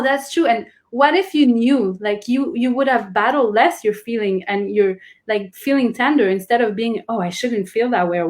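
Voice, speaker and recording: A woman, a guest in a casual conversation, explaining earnestly with many restarts. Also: mid-range voice.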